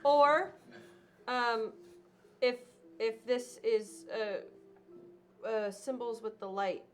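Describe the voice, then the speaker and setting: A woman with a fairly high voice, working through ideas out loud in stops and starts. Faint music plays behind her. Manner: thinks aloud in quick, halting bursts. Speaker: player. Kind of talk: casual tabletop play.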